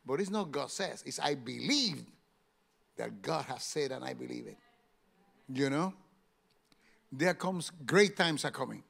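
A male pastor preaching a sermon in an emphatic way, rising to loud exclamations. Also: mid-range voice, animated, unhurried, gravelly, long pauses.

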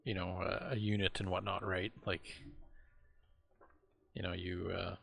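A man's voice: sits low, level tone, measured pace, gravelly, a bit bright. A man chatting casually about painting miniatures and a campaign book, laid-back with many fillers. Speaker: co-host. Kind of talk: casual hobby chat.

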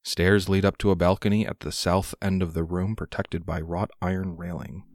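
Deep-voiced man running a tabletop game. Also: flat delivery, normal speed, a little mellow, no echo. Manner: reads room descriptions with frequent "uh" hesitations. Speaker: game master.

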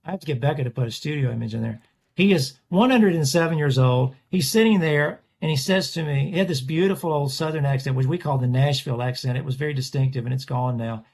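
A man's voice: mid-range voice, quick pace, darkish tone, husky. A man, a portrait artist, chatting casually in an interview and rambling through stories with frequent restarts. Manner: rambling, self-correcting storyteller.

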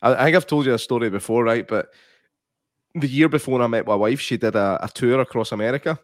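A man's voice: mid-range voice, fast talker, no echo, clean studio sound. A Scottish man co-hosting a podcast, chatting casually and telling stories with lots of laughter. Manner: laughing storyteller, mimics voices in anecdotes. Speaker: podcast co-host. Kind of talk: casual chat.

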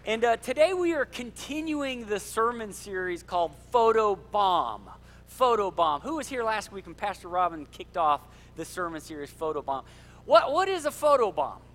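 A middle-aged male pastor, preaching an animated sermon in a church and joking with the congregation. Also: sits high, moderate pace. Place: church sanctuary.

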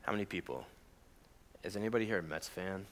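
A young man with a low voice delivers a conversational sermon at a quick pace. As a pastor, he often poses questions to the congregation and reads scripture aloud with feeling.

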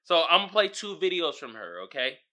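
Man, podcast host, casual rant, bright sharp tone, animated, incredulous. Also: a little high, brisk. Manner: animated, incredulous, bursts into shouting and laughter.

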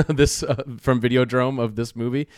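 A man's voice: medium pitch, moderate pace, clean tone, no echo, studio quality. A man on a film podcast, talking animatedly and swearing casually. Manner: animated, profanity-laced, hesitant fillers.

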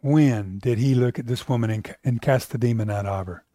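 A man's voice: mid-range voice, moderate pace, warm tone, no room sound, studio quality. An American man teaching a Bible class, asking the room questions and repeating himself as he builds his points.

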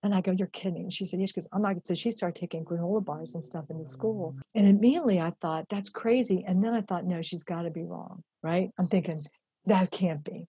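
Middle-aged woman, storytelling, lively quoted voices, husky, warm and dry sound. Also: on the low side, brisk, no room sound. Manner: animated, acts out quoted voices, many fillers. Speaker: charity founder telling her story. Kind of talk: personal storytelling.

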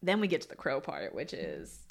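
Laughing, animated woman podcast co-host. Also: a bass voice, brisk. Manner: animated, laughs often, acts out quotes. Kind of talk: casual movie discussion.

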